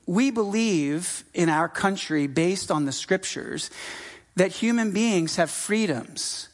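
Middle-aged pastor from the US, sermon, chatty delivery, emphatic repeats, medium pitch. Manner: conversational, with frequent fillers and restarts; emphatic, repeating key phrases.

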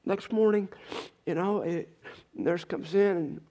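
A middle-aged man recounts a personal ordeal to an audience with earnest urgency. His voice sits somewhat high for a man, and the telling is intense and heartfelt. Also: a little slow, mellow. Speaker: speaker giving a personal testimony. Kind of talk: emotional storytelling to an audience.

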